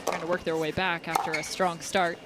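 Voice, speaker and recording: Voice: mid-range voice, level tone, brisk. A co-commentator calling pickleball from courtside, breaking down shots with playful banter. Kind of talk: live sports commentary. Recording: loud crowd and noise. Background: crowd and court noise.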